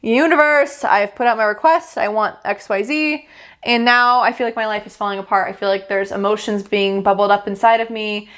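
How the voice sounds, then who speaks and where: A woman's voice: mid-range voice, a little fast, fairly bright tone, lightly acted. A woman voicing Mark, an eager, hopeful man who talks to the universe in an earnest, pleading way. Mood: panicked.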